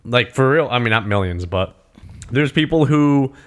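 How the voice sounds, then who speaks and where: A man in casual chat who talks excitedly, swears freely, and acts out imagined conversations. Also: medium pitch, moderate pace.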